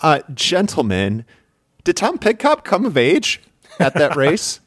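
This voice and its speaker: A man hosting a casual podcast chat and putting questions to his co-hosts in a lively, animated way. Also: a little high, slow, dry recording, studio quality. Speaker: podcast host.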